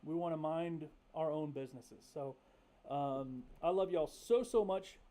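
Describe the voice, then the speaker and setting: A young man hosts a casual livestream, talking candidly and swearing freely as he rambles through stories full of fillers. His voice sits high yet sounds mellow and warm. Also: unhurried. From North Carolina. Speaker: livestream host.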